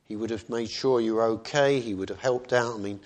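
A man's voice: medium pitch, fairly even intonation, brisk. A man preaching a sermon in a conversational way, often asking rhetorical questions.

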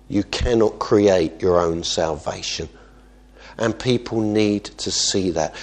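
A man delivers a sermon from the pulpit. His voice sits at an ordinary pitch, earnest throughout, falling to quiet asides and then rising into emphatic exhortation. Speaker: pastor.

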